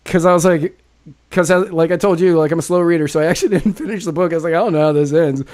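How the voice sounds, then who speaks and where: A man hosting a podcast in a loose, casual chat. His voice is a little high, and he laughs often, in a playful way. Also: fast talker, a little mellow, a little hiss or hum. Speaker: podcast host.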